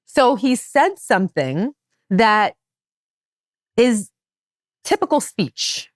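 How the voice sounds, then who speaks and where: A woman hosting a podcast, talking in a casual chat style and making her points with animated emphasis. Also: slow, no room sound, clean studio sound. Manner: animated and emphatic, with wide swings in pitch. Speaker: podcast host.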